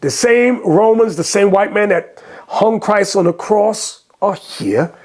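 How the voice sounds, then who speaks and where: A man giving a preaching commentary on video clips, impassioned and quoting scripture, often breaking into shouts. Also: sits high, slow pace. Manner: quotes and explains scripture. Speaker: religious commentator.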